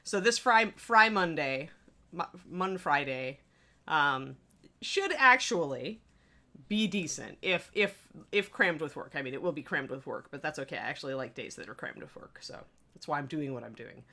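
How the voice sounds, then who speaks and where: A woman's voice: sits low, lively intonation, moderate pace, bright, forceful tone. A woman hosting a casual live stream, bubbly and chatty, laughing often. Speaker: host of a miniature painting stream.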